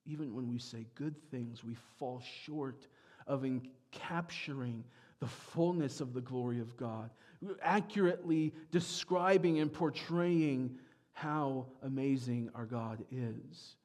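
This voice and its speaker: A pastor preaching a sermon, moving from quiet reflection to loud, emphatic peaks. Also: male voice, medium pitch, takes it slowly.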